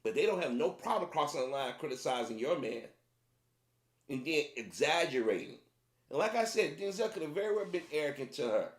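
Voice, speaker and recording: Sounding a little high, with lively intonation and a fairly quick delivery, the male vlogger talks casually to his viewers. He repeats himself emphatically and frequently restarts sentences, all in a roomy echo.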